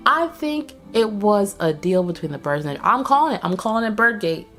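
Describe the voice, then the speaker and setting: A woman hosting a casual movie recap, telling the story in a profane, slangy, animated way. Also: mid-range voice, moderate pace, hardly any pauses, soft background music. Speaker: host.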